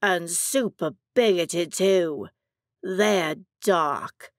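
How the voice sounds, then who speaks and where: A woman playing a serious, guarded wife who talks in a measured, disapproving way. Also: fairly low pitch, no echo, studio quality. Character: guarded genetically enhanced wife, a TV host.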